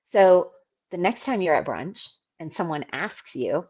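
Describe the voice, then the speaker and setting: A woman's voice: on the low side, sing-song, a little slow, darkish tone, dull audio, slight background noise. A woman hosting her own podcast, talking candidly and casually about running a business, swearing and laughing now and then. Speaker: podcast host, business owner. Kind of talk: casual solo podcast talk.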